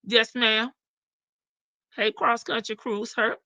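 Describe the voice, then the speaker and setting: A woman's voice: fairly high pitch, flat delivery, slow, sharp tone, no room sound. A woman hosting a casual livestream, greeting chat members by name in a slangy, playful way. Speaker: livestream host.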